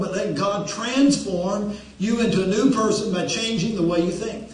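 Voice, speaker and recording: High-voiced pastor in an echoey church. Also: male voice, moderate pace. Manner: folksy, repeats phrases for emphasis. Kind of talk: sermon. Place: church sanctuary. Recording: very echoey church hall, distant.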